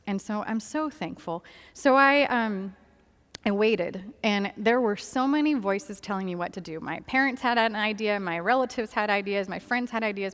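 Woman's earnest testimony in a reverberant hall. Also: fairly high pitch. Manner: earnest and candid, often laughing softly, many fillers. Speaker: speaker sharing a personal testimony. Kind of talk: personal faith testimony.

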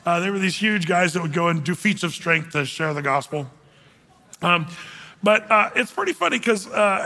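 High-voiced preacher in a reverberant hall. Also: male voice, pushed and bright. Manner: conversational, many fillers, reads scripture slowly. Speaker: pastor. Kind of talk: sermon.

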